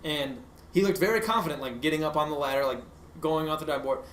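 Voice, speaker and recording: Rambling young man, slightly high voice. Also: quick pace, a bit bright. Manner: rambling, filler-heavy, laughs through his own story. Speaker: podcast co-host. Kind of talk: casual storytelling. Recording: echoey room with faint hiss.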